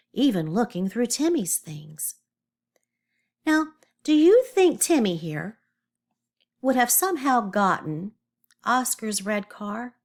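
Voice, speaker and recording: A woman teacher giving a read-aloud lesson to young children, encouraging them and explaining clearly. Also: medium pitch, darkish tone.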